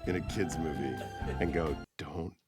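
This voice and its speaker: A man's voice: a bass voice, steady tone, normal speed. A man, a voice actor, talking wryly in a behind-the-scenes interview. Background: music bed.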